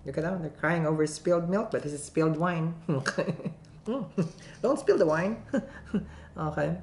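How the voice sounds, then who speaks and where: A playful tarot reader talks straight to the viewer, cracking jokes and laughing between card pulls. The voice sits at a middle pitch and carries a clear room echo, with a faint hum of background noise. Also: lively intonation, moderate pace, darkish tone. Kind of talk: casual tarot reading to camera. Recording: roomy echo.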